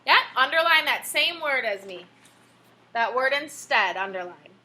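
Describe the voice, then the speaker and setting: A woman's voice: high-pitched, expressive, unhurried, pushed and bright, slight background noise. A woman elementary teacher leading an online class on a video call, patient and encouraging with young students. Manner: patient, encouraging, asks questions. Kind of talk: online class read-aloud.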